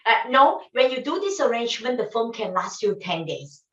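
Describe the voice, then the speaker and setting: Woman showing how to arrange flowers, high voice that jumps around a lot, echoey room, mic kinda far and muffled. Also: big pitch swings, normal speed, fairly bright tone. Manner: emphatic, repetitive phrasing in non-standard English. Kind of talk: casual demonstration chat. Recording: echoey room, distant mic, dull sound.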